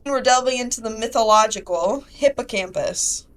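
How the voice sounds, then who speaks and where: A young woman hosting a podcast in casual chat, chatty and quick to laugh. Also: fairly high pitch, fairly bright tone, slight background noise. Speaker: podcast host.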